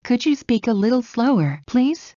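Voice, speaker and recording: A woman slowly reading everyday English phrases one at a time for learners. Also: a little high, sing-song, mellow, no room sound, muffled recording. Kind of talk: slow scripted phrase reading.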